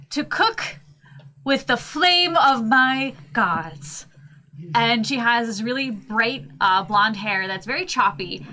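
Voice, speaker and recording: A woman's voice: a little high, bright, forceful tone. A tired woman player describing her character at the game table, chatty, with ums and self-corrections.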